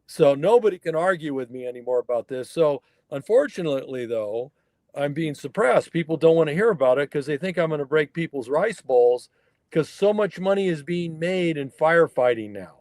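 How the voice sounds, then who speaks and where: A man's voice: on the high side, expressive, normal speed, darkish tone, no echo. Folksy older man, dry close mic. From Northern California mountains. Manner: folksy, emphatic, acts out dialogue in anecdotes. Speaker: guest, wild horse fire researcher. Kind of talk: conversational storytelling interview.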